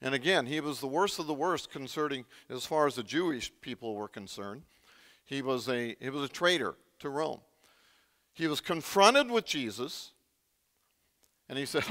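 A man's voice: medium pitch, animated, moderate pace, pushed and bright, long reverb tail. A man preaching a sermon in a conversational way, often quizzing the congregation with questions. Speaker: pastor.

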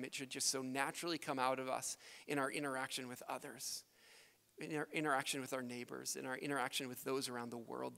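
A man's voice: medium pitch, vocal fry, a bit bright. A man who grew up in Canada, speaking earnestly as a missionary in a church sermon and prayer, building to emphatic peaks. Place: church sanctuary. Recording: preacher in a long-reverb hall.

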